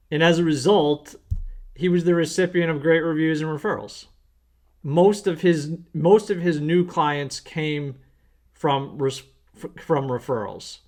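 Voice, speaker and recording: Man, accountant, storytelling lesson, earnest, plain-spoken, slightly high voice. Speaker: accountant teaching small business owners.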